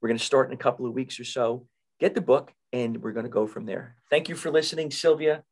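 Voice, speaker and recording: A podcast host with a North Jersey accent chats eagerly in a casual interview, talking fast in a mid-range, darkish voice. He often restarts and repeats words, and the recording quality is poor.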